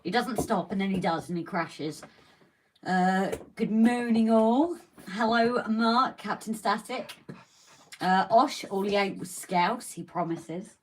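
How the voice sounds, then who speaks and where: A woman's voice: mid-range voice, slow, slight background noise, poor audio. A woman co-hosting a casual live stream, reading out viewer comments and greeting them as darling and lovely.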